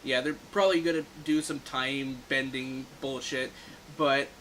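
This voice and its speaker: A man co-hosting a casual movie review podcast, animated and laughing often as he talks. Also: medium pitch, moderate pace, a little hiss or hum, poor audio. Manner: animated, laughs often, acts out quoted lines. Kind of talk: casual chat.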